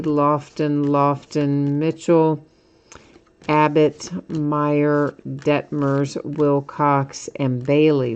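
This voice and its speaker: A woman's voice: sits low, darkish tone. A woman hosting a live stream of trading card breaks, chatting casually and laughing often as she explains how things work.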